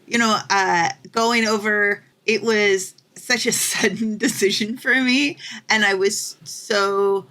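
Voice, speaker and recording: Young woman, casual chat, filler-heavy, animated quoting, bright. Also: medium pitch, slow. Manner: chatty, many fillers, animated when quoting people. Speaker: podcast co-host.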